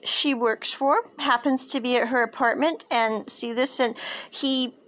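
A woman's voice: fairly high pitch, fairly even intonation, a little slow, fairly bright tone. Enthusiastic rambling woman reviewing a show. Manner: enthusiastic, digressive. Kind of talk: casual review chat.

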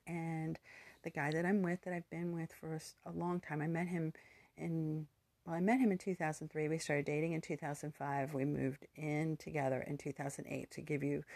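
A woman's voice: low voice, creaky, dry recording. A woman in her fifties with a youthful-sounding voice, telling a personal story candidly with rambling asides and restarts. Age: 50s.

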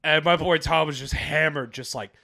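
A man's voice: on the high side, moderate pace, gravelly, pushed and bright, no room sound, studio quality. Rambling, profane man telling a bar story. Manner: rambling, profane storytelling with frequent restarts and laughs. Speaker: podcast co-host. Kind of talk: casual podcast banter.

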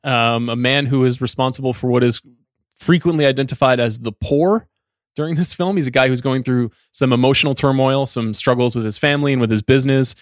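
Guy hosting a movie podcast, calm and measured, dry close mic. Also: medium pitch, no echo. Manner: measured, leading the discussion. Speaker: podcast host. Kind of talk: casual film-review chat.

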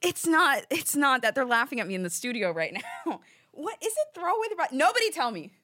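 Bright, lively young woman chatting. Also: sits high, a little fast, no room sound, studio quality. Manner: giggly, rambling, self-deprecating. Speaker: podcast host. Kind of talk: casual chat. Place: studio.

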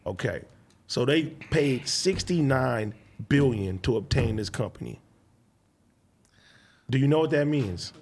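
A man's voice: medium pitch, expressive, unhurried, long pauses, darkish tone. A young man casually chatting and bantering with friends, steering the talk to new topics. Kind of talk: casual group chat.

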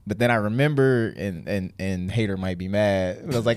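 A man with a smooth, resonant voice tells a rambling story on a podcast. He is full of fillers and chuckles. The recording is close and dry, with no room sound. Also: lowish voice, fairly quick, darkish tone, no echo. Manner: laughing storyteller, many fillers. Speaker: podcast co-host. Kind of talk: casual chat.

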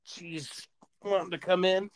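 A man co-hosting a casual podcast, telling stories in an animated way and laughing between words. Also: high voice, measured pace, no echo. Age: adult parent. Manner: animated storyteller, laughs mid-sentence. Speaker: podcast co-host.

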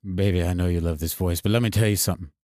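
Man playing a drunk country singer, mumbling, hesitant, low soft drawl, dry close sound. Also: steady tone, rapid-fire, dry recording, lightly acted. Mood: tender. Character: boozy brooding male country singer, sheepish. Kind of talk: improvised comedy scene.

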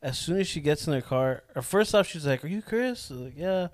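Young male podcast co-host from Southern California, profane storyteller, slightly high voice, dry close-mic sound. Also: fast, no room sound. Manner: profane, animated storyteller quoting people. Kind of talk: casual storytelling chat.

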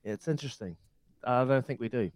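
A man's voice: medium pitch, a little fast, a little mellow, no room sound. A man, a former rugby player, giving heartfelt advice in casual sports chat, often restarting his sentences. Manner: heartfelt, advising, stumbling restarts.

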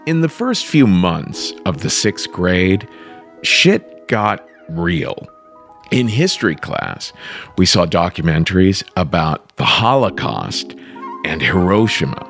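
A man telling a stand-up story with a dry, measured delivery. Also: low voice, sing-song, creaky, a bit bright, faint music behind. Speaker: stand-up comedian.

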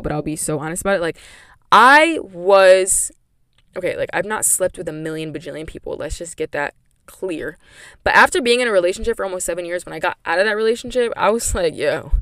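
A young woman hosts her own podcast, giving a personal monologue about faith that's candid, chatty, and emphatic, peppered with lots of "like." Her lowish voice has lively intonation, a brisk pace, and a fairly bright tone, captured in clean studio sound with no room sound.

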